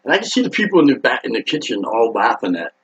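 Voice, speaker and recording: A man telling a rambling story in a casual, excitable, profane way, acting out quotes loudly. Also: medium pitch, fast, breathy edge, low-quality recording. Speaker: rock singer telling a story.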